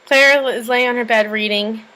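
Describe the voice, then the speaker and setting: A woman's voice: a little high, steady tone, moderate pace, sharp tone, slight background noise, poor audio. A woman casually recapping a TV episode, chatty, full of "like" and "um", swearing freely.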